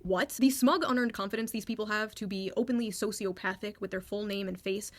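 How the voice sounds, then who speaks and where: A woman's voice: medium pitch, a little fast. A woman in a played video clip delivering a scornful political opinion monologue.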